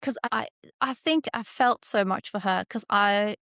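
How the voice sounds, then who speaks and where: A woman co-hosts a podcast, chatting casually and rambling through her thoughts with frequent restarts. Her voice sits in a middle pitch, and the sound is dry and close with no room echo. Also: a little slow, sharp tone. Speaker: podcast co-host. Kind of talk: casual chat.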